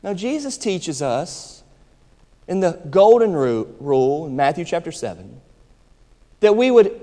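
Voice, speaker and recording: A man preaching a sermon as pastor in a church, with emphatic delivery that moves between quick asides and slow, stressed phrases. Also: high-pitched, darkish tone. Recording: hall reverb.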